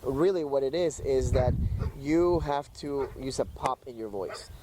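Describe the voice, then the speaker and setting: A man in a casual podcast chat, explaining dog training in an animated way, acting out little voices and using many fillers. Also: medium pitch, unhurried, background noise.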